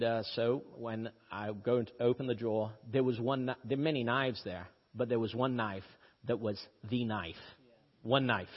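A man from Brazil with a slight British-tinged accent, preaching a sermon in a storytelling way with sudden rises in pitch for emphasis. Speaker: pastor. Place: church. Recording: dull lo-fi audio with long church reverb.

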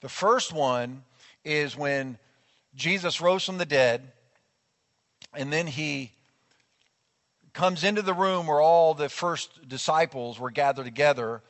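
A male pastor preaching a sermon in a lively, conversational way, acting out quotes as he goes. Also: fairly high pitch, takes it slowly, pauses often. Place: church sanctuary. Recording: long church hall reverb.

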